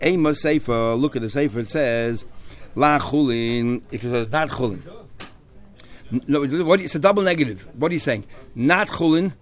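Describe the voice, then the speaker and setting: A middle-aged man teaching a Talmud class, animated, firing rhetorical questions and mixing in Hebrew and Aramaic terms. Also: mid-range voice, moderate pace.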